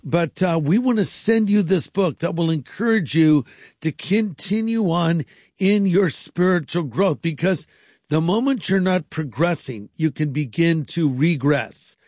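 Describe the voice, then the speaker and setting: A man's voice: on the high side, expressive, unhurried, a little mellow, no room sound, studio quality. Earnest man announcing a radio ministry.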